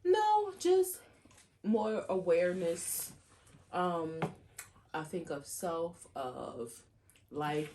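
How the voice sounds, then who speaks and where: A woman's voice: lowish voice, sing-song, very slow, pauses often, warm tone, slight background noise. A woman co-hosting a podcast in casual chat, talking in a reflective, easygoing way. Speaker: podcast co-hostess.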